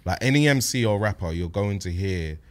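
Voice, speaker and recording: Podcast guest: man, 30s, very low voice, laid-back and reflective. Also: a little fast. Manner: relaxed, thoughtful, many fillers. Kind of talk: casual podcast chat.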